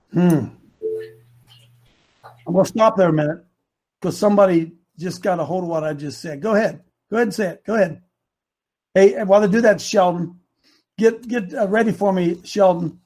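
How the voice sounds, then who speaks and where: Animated man preaching a sermon. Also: high voice, moderate pace, pauses often. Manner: animated preaching, rising to loud bursts. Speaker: pastor.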